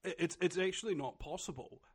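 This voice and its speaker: A man's voice: sits high, brisk, breathy edge. A man with a New Zealand accent in casual conversation, blunt and opinionated, often restarting his sentences.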